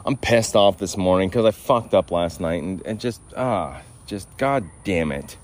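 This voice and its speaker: A low-voiced man hosts a casual podcast from outdoors. He talks in a sardonic, rambling way and swears freely. His delivery stays loose and unscripted. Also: animated, moderate pace, a little mellow. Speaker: podcast host. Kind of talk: casual profane rant.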